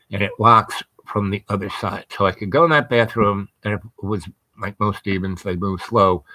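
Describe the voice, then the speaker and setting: Host, male, low voice, dry sound, casual and rambling storyteller. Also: sharp tone, no echo, poor audio. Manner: rambling, with frequent restarts and asides.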